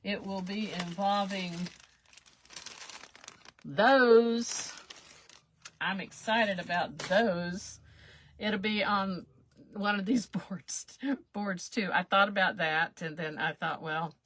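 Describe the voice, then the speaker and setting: A woman's voice: medium pitch, fairly even intonation, slow pace, pauses often, a bit bright, slight background noise. A woman, hosting a chatty crafting livestream and laughing at herself as she works. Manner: folksy, self-chuckling, talks while working.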